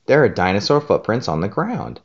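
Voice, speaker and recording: A man's voice: on the low side, big pitch swings, brisk, dull audio, voice pushed up. A man voicing a cheerful, adventurous girl explorer in a storybook, calling out eagerly. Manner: eager, calls out.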